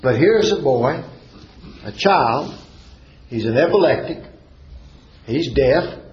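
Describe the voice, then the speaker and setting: A man's voice: mid-range voice, expressive, slow pace, darkish tone, roomy sound, muffled recording. A male preacher, preaching a sermon in a fervent cadence and repeating phrases for emphasis.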